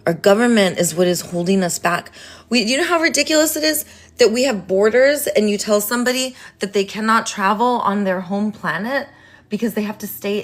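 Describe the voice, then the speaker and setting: A woman vlogging in a rambling, playful rant that sometimes drops into a whisper. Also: medium pitch. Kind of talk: casual rant to camera.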